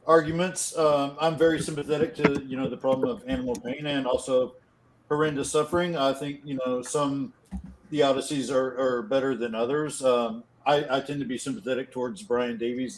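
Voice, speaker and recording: A man giving closing thoughts as co-host of a podcast, measured and full of fillers. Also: mid-range voice, a little hiss or hum, rough recording.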